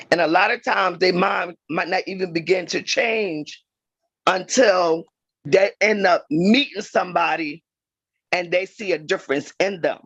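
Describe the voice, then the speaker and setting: A man, a church elder, speaking frankly in a group discussion on a video call, clearing his throat often. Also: sits high, a little slow, fairly bright tone, no echo, dull audio.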